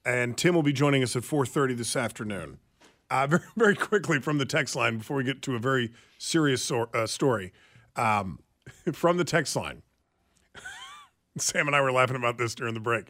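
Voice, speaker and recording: Co-hosting a talk radio show in a radio studio, a man gives earnest news commentary peppered with fillers. His mid-range voice swings hugely in pitch, sounds a bit bright, and moves at a moderate pace.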